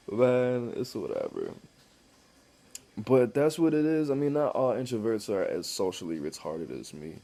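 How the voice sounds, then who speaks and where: A man's voice: lowish voice, mellow. A man talking casually to the camera in a blunt, rambling way, full of swearing, about his life. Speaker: vlogger.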